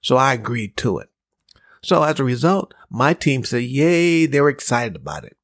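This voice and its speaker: A man hosting a podcast, giving a measured motivational sales lesson and acting out the dialogue of a personal story. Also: mid-range voice, very animated, fairly bright tone, dry recording, studio quality. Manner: measured, repetitive, acts out dialogue in his story. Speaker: sales trainer and podcast host.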